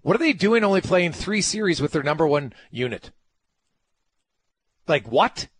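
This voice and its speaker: A man's voice: high-pitched, fairly bright tone, slightly rough, no echo. A man hosting a sports talk radio show, emphatic and ranting, firing off rhetorical questions.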